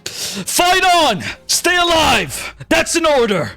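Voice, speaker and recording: A man voicing a commander shouting orders in a tabletop game battle. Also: very high voice, very animated, slow, gravelly, pitched above the performer's own voice, exaggerated voice. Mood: commanding.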